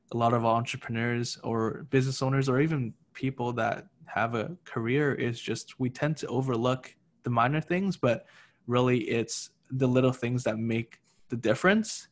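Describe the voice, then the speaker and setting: A male host of a casual interview, speaking at a middling pitch with little rise and fall. He sums up the guest's answers in an approving, even tone.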